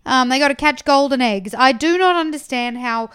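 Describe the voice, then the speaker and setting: A young Australian woman co-hosting a podcast in casual, rambling chat, often trailing into soft asides. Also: high-pitched, normal speed, clean tone. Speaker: podcast co-host.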